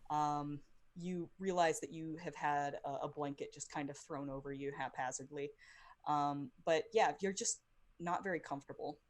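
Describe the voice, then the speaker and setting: Woman game master, low voice, halting, filler-heavy narration. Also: fairly even intonation. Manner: hesitant, many ums. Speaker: dungeon master.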